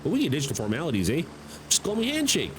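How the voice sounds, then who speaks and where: A man voicing a friendly male mercenary quartermaster with a put-on Canadian accent and breezy, drawn-out greetings. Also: fairly high pitch, huge pitch swings, background noise, voice pushed up. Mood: jovial.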